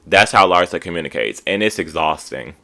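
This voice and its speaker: Deep-voiced, bright-toned man giving chatty commentary. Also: lively intonation, fairly quick, creaky. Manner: chatty, opinionated, heavy use of "like". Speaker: TV recap host. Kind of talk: casual recap commentary.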